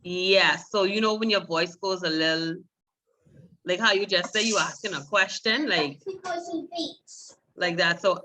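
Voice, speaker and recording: A woman's voice: on the low side, unhurried, long pauses, bright, forceful tone, rough recording. A woman teaching a beginner Spanish class, explaining patiently step by step and calling on students.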